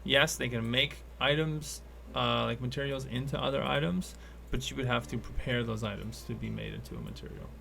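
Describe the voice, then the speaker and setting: Gravelly man narrating as game master. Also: mid-range voice, fairly even intonation, brisk, sharp tone, a little hiss or hum. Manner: loose, rambling narration full of fillers.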